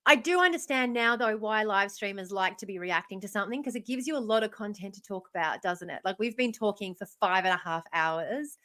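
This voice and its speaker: A woman's voice: medium pitch, expressive, fairly quick, few pauses, pushed and bright, no room sound. A woman, live streaming in casual chat, losing her voice, chatty and self-mocking, swearing freely. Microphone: phone.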